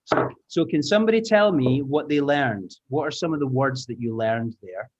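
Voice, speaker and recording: A man's voice: mid-range voice, moderate pace, muffled recording, a little hiss or hum. Encouraging male teacher on a video call. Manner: lively, encouraging, explains patiently. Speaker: teacher trainer. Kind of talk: online language lesson.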